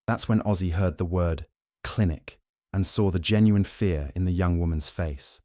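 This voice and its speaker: A man giving scripted story narration in a measured storytelling manner. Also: low-pitched, dark tone, no echo, clean studio sound.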